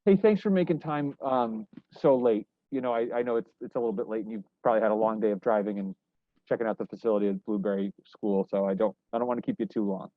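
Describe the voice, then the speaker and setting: A young man working as a news reporter, asking questions in a casual, halting way with many restarts. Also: on the low side, no room sound. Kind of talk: casual interview. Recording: dry, tinny phone-like line.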